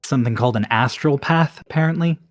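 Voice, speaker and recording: A blunt, easygoing Cockney woman, voiced by a man running a tabletop game, tosses off her story in clipped street slang. Her voice sits a touch high and lively over faint background music, recorded dry and close. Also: quick pace, dry recording, natural voice. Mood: offhand.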